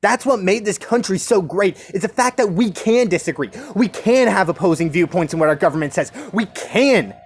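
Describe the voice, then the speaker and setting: A man's voice: sits high, lively intonation, moderate pace, hardly any pauses, breathy edge. A young man ranting alone about division and free speech, impassioned, firing rhetorical questions and restarting his phrases. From United States. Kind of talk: solo rant.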